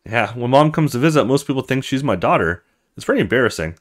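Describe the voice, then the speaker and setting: A man's voice: mid-range voice, sing-song, quick pace. A man voicing a worn-out thirty-year-old woman in a video game, speaking ruefully and sardonically. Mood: sardonic. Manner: rueful, sardonic, self-pitying. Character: weary 30-year-old woman, her own future self.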